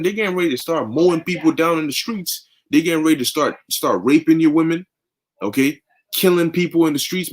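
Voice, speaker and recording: Husky man, fervent informal preaching, lively rising and falling pitch. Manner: fervent, conversational, often says "man" and "okay". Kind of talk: informal scripture teaching.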